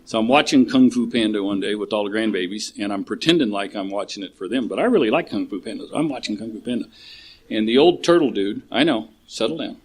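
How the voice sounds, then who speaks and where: A man's voice: fairly low pitch, animated, quick pace, husky. An older man with eight grandchildren, sharing his story at a recovery meeting in a blunt, storytelling way with casual swearing.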